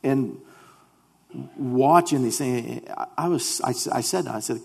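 A man's voice: medium pitch, slow, vocal fry, breathy edge, big-room sound. A man giving an earnest personal testimony to a congregation, often stumbling and repeating words as he starts his sentences. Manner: earnest, animated storytelling. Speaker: speaker sharing a mission testimony.

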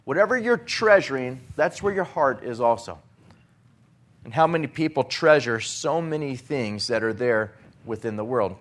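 A male preacher delivering a sermon in an earnest, steady voice of middle pitch. He swells into emphatic, raised passages when quoting scripture, then drops back to a quieter teaching tone. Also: moderate pace.

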